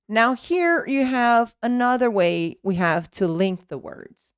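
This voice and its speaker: Woman, English teacher, slow and melodic, dry close sound. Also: medium pitch, sing-song, dry recording. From Brazil. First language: Portuguese. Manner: slow, drawn-out model words. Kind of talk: pronunciation lesson.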